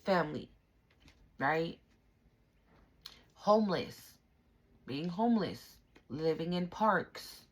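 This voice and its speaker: A woman's voice: on the low side, expressive, slow pace, long pauses. A woman giving a spiritual tarot reading straight to the viewer, emphatic and slangy, with frequent swearing. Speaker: tarot reader.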